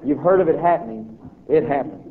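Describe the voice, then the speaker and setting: A preacher telling a funny story to a crowd, a man who acts out every voice and reaction. His voice sits somewhat high. The sound is thin and phone-like with a clear layer of background noise. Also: a little fast. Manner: animated, acting out voices and reactions. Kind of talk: humorous storytelling to an audience. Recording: tinny lo-fi recording with noise.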